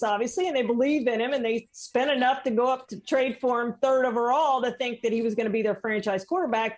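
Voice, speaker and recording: A woman co-hosting a sports talk show, speaking in a steady, measured way. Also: fairly high pitch.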